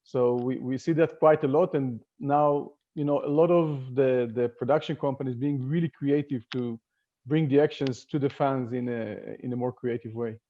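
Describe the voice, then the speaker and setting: Halting man on a dull video call. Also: mid-range voice, steady tone. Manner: halting, many fillers and restarts. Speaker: webinar panelist. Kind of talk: casual panel talk.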